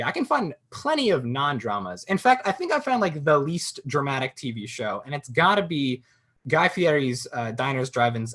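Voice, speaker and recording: A young man doing a stand-up comedy set from home, telling jokes with deadpan punchlines and acting out silly voices. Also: mid-range voice. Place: at home in a swivel chair.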